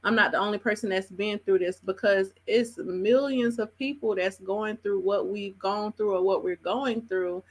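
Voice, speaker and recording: A woman's voice: mid-range voice, fairly even intonation, moderate pace, hardly any pauses. A woman hosting a live open mic, talking casually and chattily and laughing between introductions. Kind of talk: casual live emcee talk.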